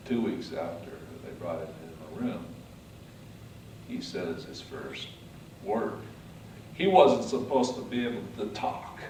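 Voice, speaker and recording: Man, motivational speech, low voice, dramatic storytelling, booming hall echo, distant mic. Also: background noise. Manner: dramatic storytelling, swings from hushed to loud. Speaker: motivational speaker. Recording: echoey hall, mic from afar.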